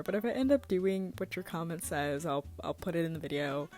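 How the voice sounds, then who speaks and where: A woman's voice: fairly low pitch, expressive, a little fast, hardly any pauses, darkish tone, faint music behind. A young woman narrating a scripted commentary video, indignant when calling someone out, rambling and stuttering in the outro. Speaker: commentary YouTuber.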